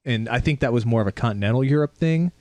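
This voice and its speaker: A man's voice: medium pitch, quick pace, darkish tone, no echo. A man co-hosting a podcast, talking in an easygoing way with many fillers. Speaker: podcast co-host. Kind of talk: casual chat.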